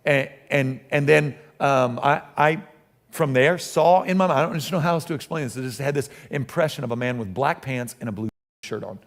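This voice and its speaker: A middle-aged man, a pastor telling a story in a sermon in a conversational, animated way with frequent restarts. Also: mid-range voice, a little fast.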